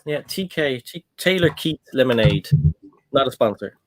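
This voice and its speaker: A man's voice: medium pitch, lively intonation, normal speed, a bit bright, no room sound. A man hosting a casual livestream, telling rambling stories full of ums. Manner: rambling storyteller, many ums. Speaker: livestream host. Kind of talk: casual chat while building.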